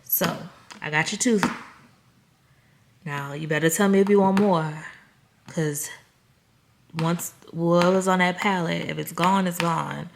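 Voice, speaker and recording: A woman's voice: on the low side, fairly even intonation, a little slow, creaky, pauses often, slight background noise. A woman vlogger casually chatting through a grocery haul, talking straight to her viewers and laughing at herself. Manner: chatty, self-amused, talks to viewers directly.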